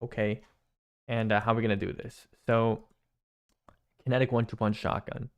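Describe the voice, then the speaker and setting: A man streaming a video game, chatting casually and thinking out loud as he rambles and repeats himself. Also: on the low side, little pitch movement, moderate pace. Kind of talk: casual live-stream chat.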